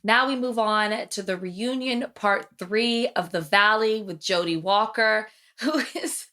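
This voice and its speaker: A woman hosting a podcast, retelling TV episodes in casual chat and acting out the quotes. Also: unhurried. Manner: animated storytelling, acts out quotes with big pitch jumps. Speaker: podcast host.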